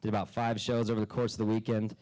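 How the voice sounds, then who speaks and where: A man doing a stand-up comedy set on a club stage into a handheld mic, dry and deadpan, breaking into loud character bits. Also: lowish voice, quick pace, poor audio.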